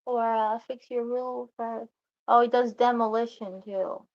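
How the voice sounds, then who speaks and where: A woman's voice: fairly high pitch, steady tone. Lady vlogger rambling thru a story, keeps restarting, kinda muffled lo-fi sound. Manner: rambling, restarts, quotes others in quick asides. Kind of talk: casual storytelling monologue.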